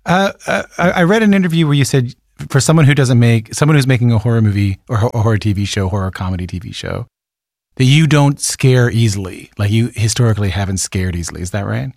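A man's voice: medium pitch, darkish tone, dry recording, studio quality. A man interviewing a TV writer, asking questions with many restarts. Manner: quick questions with frequent restarts.

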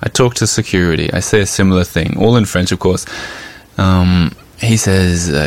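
A man's voice: sits low, moderate pace. A man hosting a podcast, telling a story in a casual, chatty way with asides and fillers. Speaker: podcast host and journalist.

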